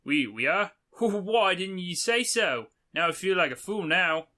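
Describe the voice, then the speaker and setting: A man voicing a boastful young male knight hero with boomerangs, in a hokey put-on Australian twang. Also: expressive, unhurried, bright, forceful tone, exaggerated voice. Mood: hearty.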